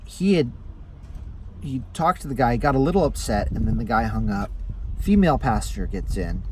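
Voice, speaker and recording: A man who drives for a ride-hail service, telling stories to camera in a casual way and jumping into higher voices when he acts out his passengers. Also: animated, moderate pace, a little mellow, a little hiss or hum, poor audio. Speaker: rideshare driver and vlogger. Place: inside a car.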